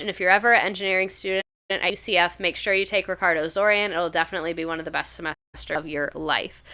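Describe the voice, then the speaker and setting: A woman's voice: lowish voice, bright, forceful tone. A young woman chatting casually on a live stream, reading viewer stories aloud and reacting to them. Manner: chatty, reads submissions aloud, reacts emotionally.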